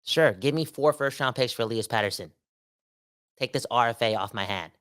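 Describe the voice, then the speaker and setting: A Canadian man in a casual solo podcast rant. His pitch sits at a middle height, and he delivers his points with energy, slang and emphatic repeats. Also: normal speed, fairly bright tone. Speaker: podcast host.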